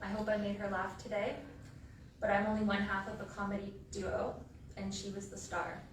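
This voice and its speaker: A woman's voice: medium pitch, completely flat delivery, normal speed. Woman giving a eulogy in an echoey hall. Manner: storytelling, laughing through memories. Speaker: eulogist, sister. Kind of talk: funeral eulogy with anecdotes. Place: funeral home chapel. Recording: echoey hall from far off, noisy.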